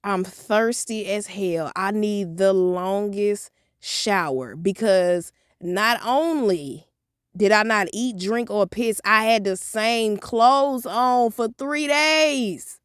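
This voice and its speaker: A woman vlogger telling a story from her own life in an animated, profane, blunt way. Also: mid-range voice, slow pace, smooth, dry recording, clean studio sound. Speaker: motivational vlogger. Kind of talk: storytime vlog.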